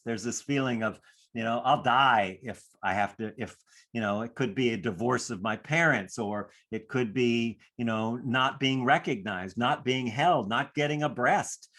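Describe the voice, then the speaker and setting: A man leads a class on handling stress, his voice sitting at an ordinary middle pitch. He talks in a reflective way and slips into short acted inner voices to make his points. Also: normal speed, a bit bright. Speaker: stress coach. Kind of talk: teaching a class.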